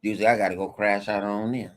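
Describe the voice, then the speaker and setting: A podcast guest in casual chat, easygoing and a bit mumbled. His voice sits on the low side, and he swears freely. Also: fairly even intonation, fast talker.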